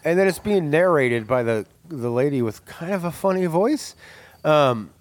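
A man's voice: a little high, lively intonation, moderate pace. A man hosting a podcast, chatting casually about movies in a rambling way and laughing often.

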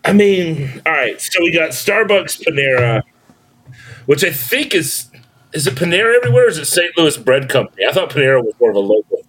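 A man's voice: on the high side, sing-song, fairly quick, fairly bright tone, breathy edge, poor audio. A man on a casual podcast game, rambling wryly through his guesses. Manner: rambling, wry, uses fillers. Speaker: podcast panelist.

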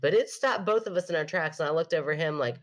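Woman, podcast host, casual storytelling, animated, laughs a lot, acts out quotes. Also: low-pitched, quick pace.

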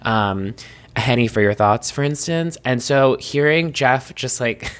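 A man's voice: mid-range voice, expressive, unhurried, a bit bright, slight background noise. A man co-hosting a casual chat podcast, rambling with lots of ums and likes. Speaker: podcast co-host.

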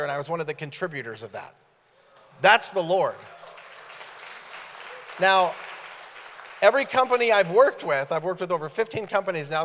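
Guest preacher, male, storyteller who acts out his dialogue, mid-high voice, big reverberant room. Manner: animated, acts out dialogue in stories. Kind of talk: sermon storytelling. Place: church sanctuary. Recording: long hall reverb.

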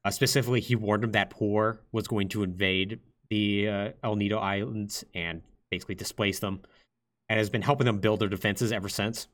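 A young podcast host with a fairly low voice talks briskly and lively, casually retelling a game's plot, packing in fillers and acting out quotes.

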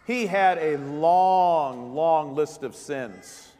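A man's voice: fairly high pitch, extremely slow, dark tone, long reverb tail. A man preaching a sermon as vicar, driving points home with repeated rhetorical questions.

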